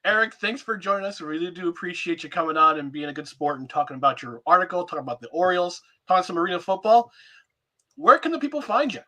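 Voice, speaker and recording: A man hosts a sports podcast in a relaxed, friendly chat. His voice sits a bit high and sounds bright, and he pauses and hesitates often. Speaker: podcast host.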